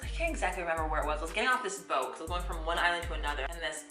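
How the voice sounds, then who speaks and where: A young woman from Ghana living in Canada, casually telling animated travel stories with swearing, and acting out other people's lines. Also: lowish voice, rapid-fire, reverberant, faint music behind. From Ghana-born, living in Canada. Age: young adult. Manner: animated storytelling, swears, acts out voices with laughs. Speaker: travel storyteller. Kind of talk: casual chat.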